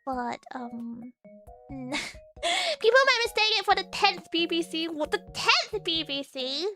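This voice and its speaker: A young woman virtual streamer chats casually, giggling often between phrases and repeating her words as she goes. Her very high-pitched, sing-song voice is pushed and bright and moves slowly, with soft music in the background.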